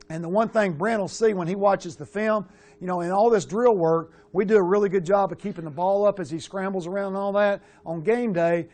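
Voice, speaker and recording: A middle-aged man coaching quarterbacks, talking bluntly through game film with casual swearing and animated asides. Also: high-pitched. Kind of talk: film breakdown coaching talk.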